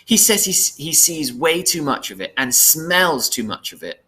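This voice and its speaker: Brief: man putting on a high-voiced young girl, chattering and bright, bold but frightened. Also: sing-song, normal speed. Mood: chatty.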